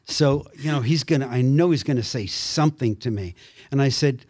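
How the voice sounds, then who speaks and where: A man's voice: medium pitch, normal speed, no echo, clean studio sound. An older man, an actor and minister, telling stories animatedly as a podcast guest, acting out the quotes. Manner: animated storyteller, acts out quotes. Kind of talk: storytelling in a podcast interview.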